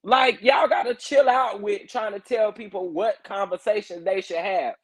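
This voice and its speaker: A man hosting a casual morning chat, reacting to viewer comments and getting emphatic and loud when worked up. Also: high voice, moderate pace. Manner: animated, emphatic, rising to loud protest when fired up. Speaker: reality TV commentary host.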